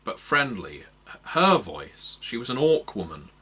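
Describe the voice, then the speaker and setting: A man narrating a fantasy novel aloud in a measured, expressive reading. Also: medium pitch, breathy edge. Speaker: audiobook narrator. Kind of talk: scripted narration.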